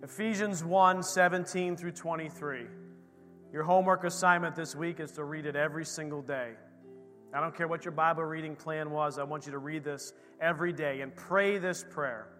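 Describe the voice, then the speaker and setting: A man, the pastor, calmly leading the congregation into prayer and giving directions. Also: a little high, normal speed. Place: church sanctuary. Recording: echoey church hall with music.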